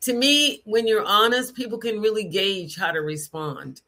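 Speaking at a moderate pace and medium pitch, an adult delivers an off-the-cuff lesson on sound in a strong, frank, direct manner. Sounds are illustrated through lively character voices and bits of song.

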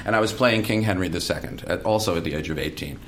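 Guy telling funny stage stories, low voice but bright, really animated, bit of hiss. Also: quick pace. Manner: lively storyteller, laughs often. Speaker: actor telling theater stories. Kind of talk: casual chat.

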